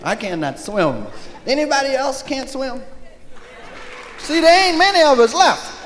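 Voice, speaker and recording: A man with a very high voice tells profane stand-up stories and acts out the people in them. This is a live concert recording, with a crowd and a steady hiss behind him. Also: measured pace, big-room sound. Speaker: stand-up comedian.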